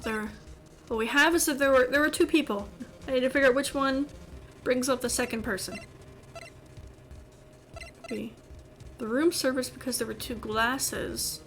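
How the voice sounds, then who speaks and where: A woman's voice: sits high, normal speed, pauses often, a bit bright, a little hiss or hum. A woman streaming a game playthrough, reading the lawyer's lines and muttering asides as she thinks. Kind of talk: game playthrough with read dialogue.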